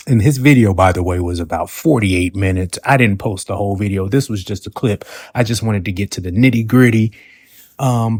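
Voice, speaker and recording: A man in his forties giving sassy, animated commentary as a vlogger, keeps calling the listener baby and asking okay?. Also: medium pitch, no echo, studio quality. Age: 40s. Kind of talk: commentary vlog.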